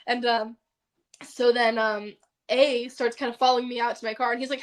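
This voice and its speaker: Animated woman telling a personal story. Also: a little high, normal speed. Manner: animated, heavy use of "like", laughs often. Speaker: podcast guest.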